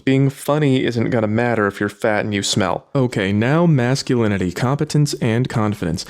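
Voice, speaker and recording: A man's voice: on the low side, clean tone. A man who is a dating coach, giving blunt, matter-of-fact advice in a scripted video essay.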